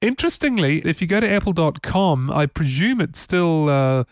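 A man's voice: a little high, sing-song, normal speed, no echo. A man hosting a casual tech podcast from a studio, talking in a loose, chatty way with frequent restarts. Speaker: podcast host.

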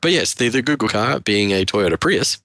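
A man's voice: fairly low pitch, lively intonation, moderate pace, bright, forceful tone, dry recording. A man co-hosting a casual tech podcast, joking wryly and laughing often. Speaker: podcast co-host.

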